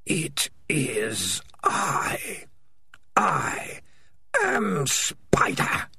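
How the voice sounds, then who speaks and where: A man voicing a sinister rat-mind that whispers slowly and breathily inside a cat's head, in a storybook reading. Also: fairly high pitch, huge pitch swings, bright, forceful tone, slight background noise, voice pushed up, exaggerated voice. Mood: menacing. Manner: slow, breathy, menacing whisper.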